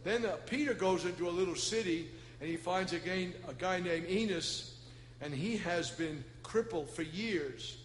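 A man preaching a Pentecostal sermon in a folksy way, swinging between loud shouting and soft asides. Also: high voice, normal speed, a little hiss or hum. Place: church. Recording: echoey church hall with ambience.

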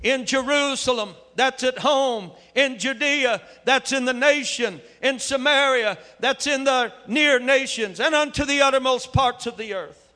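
A man preaching a sermon with fervor, his voice building up to shouts. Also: extremely high pitch. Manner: fervent, rising to shouts. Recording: echoey hall with long reverb.

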